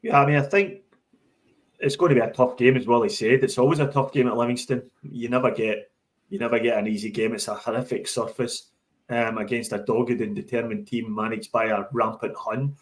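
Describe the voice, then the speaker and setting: A man's voice: medium pitch, steady tone, fairly quick. A man talking football on a podcast with emphatic conviction. He often doubles up words as he restarts his sentences. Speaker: podcast co-host. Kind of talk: casual football chat.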